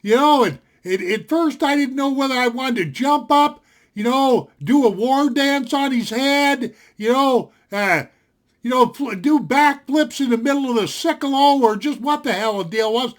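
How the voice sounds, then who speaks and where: Older man, high voice, casual rambling storytelling, lots of fillers. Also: a little slow. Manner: folksy and rambling, with many fillers. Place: home desktop setup.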